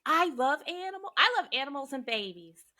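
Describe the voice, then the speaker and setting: A woman with a Southern accent hosting a podcast in casual chat, bubbly and animated, acting out quotes as she tells stories. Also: sits high, brisk. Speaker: podcast host.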